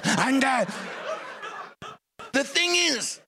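A man, a Christian comedian, telling a story in an animated, exclamatory way. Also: sits high, moderate pace, gravelly, crowd noise, background noise. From Scotland.

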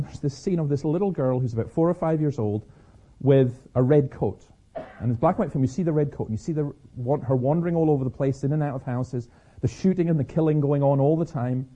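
A man's voice: mid-range voice, dark tone, highs cut off. A man giving a Christian talk, telling personal stories with frequent restarts and repeated words. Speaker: Christian speaker.

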